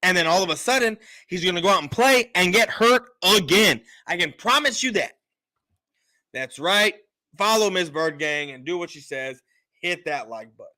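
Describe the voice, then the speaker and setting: A man with a high-pitched voice argues his sports takes loudly, hammering each point again and again. He has been drinking a little, and his speech stays forceful and insistent. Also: lively intonation, moderate pace. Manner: loud, emphatic, repetitive insistence. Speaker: sports podcast host. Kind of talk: heated sports opinion talk.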